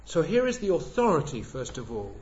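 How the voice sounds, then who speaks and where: A man preaching a sermon in a church hall, swelling loud on key words and dropping low and soft between them. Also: wildly swooping pitch, fairly quick. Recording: echoey hall, dull lo-fi sound.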